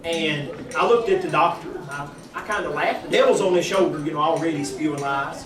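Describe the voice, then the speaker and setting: A man tells his church testimony in a folksy, animated way, acting out each voice in his story. His recording sounds roomy and echoing, picked up from a distance. Lots of people murmur in the background. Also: fairly high pitch, fairly quick, few pauses, crowd noise. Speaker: church member giving a testimony. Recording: echoey room, distant mic, audience noise.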